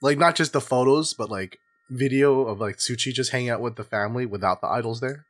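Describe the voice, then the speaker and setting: A man's voice: mid-range voice, a little fast. A man co-hosting a podcast in slangy, casual chat, often saying dude. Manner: slangy, says dude a lot. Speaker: podcast co-host.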